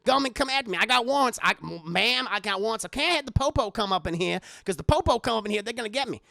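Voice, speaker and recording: A man putting on the voice of a brash, foul-mouthed old woman who talks loud and sassy. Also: very high-pitched, lively intonation, quick pace, vocal fry, no room sound, studio quality, exaggerated voice.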